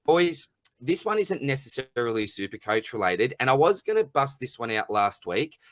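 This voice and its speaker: A man's voice: mid-range voice, big pitch swings, normal speed, fairly bright tone, no echo. A middle-aged man with an Australian accent, hosting a podcast in blunt, rambling, jokey rants. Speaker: podcast host. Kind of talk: casual chat.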